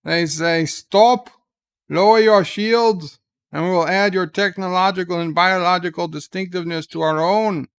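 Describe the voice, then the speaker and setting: A man doing a rambling outback Australian tall-tale teller with a broad mock accent. The voice runs a touch high and stays smooth and clean while the yarn winds on. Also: fairly even intonation, normal speed, a bit bright. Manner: exaggerated, rambling yarn-spinning.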